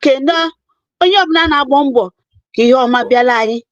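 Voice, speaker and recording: A woman with a Nigerian Igbo accent speaks in a high voice, mixing Igbo and English and pausing often on hesitant fillers. She tells a personal story and then makes a pleading appeal. The recording is dull and dry, with little room sound. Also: no room sound. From Igbo-speaking southeastern Nigeria. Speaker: community talk-show speaker. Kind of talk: casual personal testimony and appeal.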